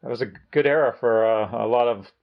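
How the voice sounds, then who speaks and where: A man talking quickly in a relaxed chat, piling up anecdotes with lots of yeahs and chuckles. The recording sounds dull and lo-fi. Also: mid-range voice, creaky. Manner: rambling anecdotes, frequent yeahs and laughs. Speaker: video store co-host. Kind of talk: casual chat. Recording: dull lo-fi audio.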